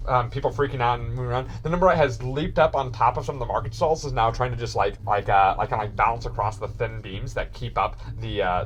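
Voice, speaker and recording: A man's voice: mid-range voice, slight background noise. A man narrating a tabletop game as game master, rambling with many restarts and fillers.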